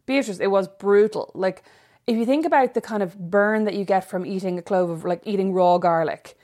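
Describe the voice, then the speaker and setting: A woman's voice: mid-range voice, fairly quick, mellow. A woman co-hosting a podcast, telling stories in casual chat in a self-mocking way. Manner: storytelling, self-mocking, laughing. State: pregnant. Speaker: podcast co-host.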